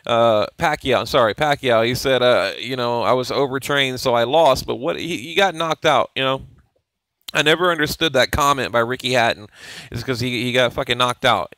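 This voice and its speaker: A man's voice: mid-range voice, a bit bright, clean tone, dry recording. Guy ranting about a fight, swears a lot, keeps restarting, dry close sound. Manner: blunt, profane, repeats words and restarts. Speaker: boxing show host. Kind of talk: casual commentary over fight footage.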